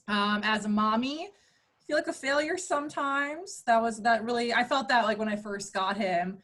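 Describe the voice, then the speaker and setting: A woman in her thirties doing a bawdy stand-up set, playful and crude, often jumping into high mock voices for punchlines. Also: expressive, moderate pace, fairly bright tone. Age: 30s. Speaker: stand-up comedian.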